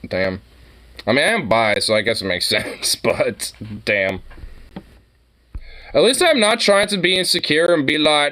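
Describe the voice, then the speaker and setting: A man's voice: a little high, very animated, a little slow, pushed and bright. A young man streaming a reaction to a video, rambling and swearing constantly as he mocks what he sees. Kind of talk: profane reaction commentary.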